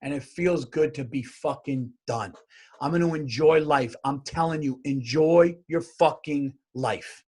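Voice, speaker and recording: A male comedian talks alone into his podcast mic, swearing freely and rambling from one rant to the next. His voice sits a little high for a man, and he keeps the tone loose and conversational. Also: a little slow, slightly rough. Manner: profane, rambling, animated rants. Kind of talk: solo comedic monologue.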